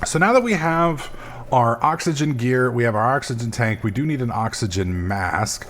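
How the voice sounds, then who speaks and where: A man's voice: mid-range voice, animated, normal speed, fairly bright tone, a little hiss or hum. A man casually commenting on his gameplay, rambling and swearing as he goes. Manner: rambling, profane, self-mocking. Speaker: gaming video host.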